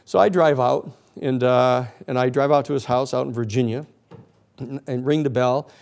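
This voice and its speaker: Gravelly-voiced man telling a story. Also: mid-range voice, normal speed. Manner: animated storyteller who acts out the other people's lines. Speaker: lecturer. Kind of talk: storytelling class lecture.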